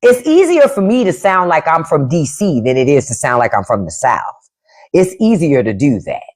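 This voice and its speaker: Lively-voiced woman livestream host. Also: sits low, normal speed. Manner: animated, laughs often, mimics family accents. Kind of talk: casual chat with viewers.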